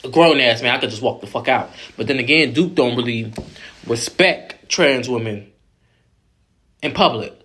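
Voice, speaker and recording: A man's voice: medium pitch, moderate pace, a bit bright. A man hosting a vlog, recapping a reality show in blunt, profane, opinionated casual commentary that rambles with restarts.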